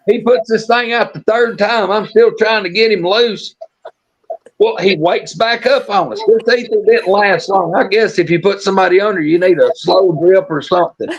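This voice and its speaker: A man's voice: high voice, moderate pace, husky. A man telling a folksy yarn in casual talk, drawling and restarting his sentences. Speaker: storyteller on a live show. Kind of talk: casual storytelling. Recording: muffled lo-fi stream audio.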